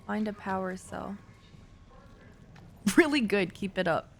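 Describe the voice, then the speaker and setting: A woman's voice: mid-range voice, expressive, a little slow, vocal fry, music in the background. A woman streamer joking and chatting while playing a horror game. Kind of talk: casual gaming commentary.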